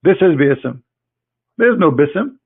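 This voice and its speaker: A man giving a combative screen-share lecture in mocking, halting English as an online debater. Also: on the high side, expressive, husky. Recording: tinny phone-like online audio.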